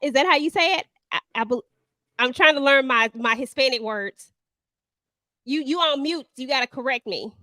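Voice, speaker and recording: A woman's voice: high-pitched, animated, normal speed, bright, forceful tone, no echo. Chatty woman co-host leading questions. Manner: leads questions, laughs at herself. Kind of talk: casual chat.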